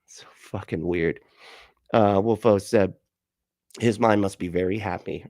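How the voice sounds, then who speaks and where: A man's voice: sits low, measured pace, darkish tone, no echo, studio quality. A man giving casual commentary, reading chat comments aloud and reacting in a profane, rambling, sarcastic way, laughing often. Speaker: video commentator.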